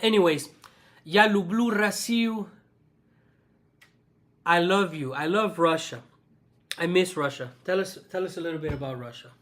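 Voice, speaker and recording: A man's voice: on the high side, fairly quick, a bit bright. A man hosting his own channel, talking in a passionate monologue that repeats itself and restarts often. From the West. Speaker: channel host. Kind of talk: ranting vlog monologue.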